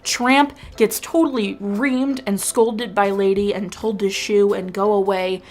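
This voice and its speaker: Gushing young woman vlogger. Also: medium pitch. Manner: gushing, animated, quick asides. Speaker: vlogger reviewing films. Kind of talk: casual chat to camera.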